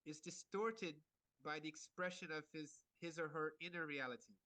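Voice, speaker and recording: A man giving an art lecture in short phrases, pausing for an interpreter and filling gaps with many hesitations. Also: a little high, steady tone, sharp tone, dry recording. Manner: halting, many fillers and restarts.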